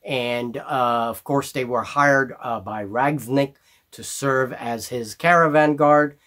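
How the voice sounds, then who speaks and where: A man narrating a solo tabletop game as game master, describing the scene slowly and deliberately. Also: mid-range voice, fairly bright tone, no echo. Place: hobby table with miniatures.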